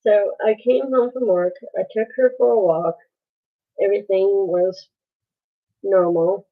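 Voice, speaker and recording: A woman telling a painful story on a live stream, halting and pausing as she goes. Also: medium pitch, steady tone. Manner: halting, with many pauses and restarts. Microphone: phone. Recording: tinny phone-like sound.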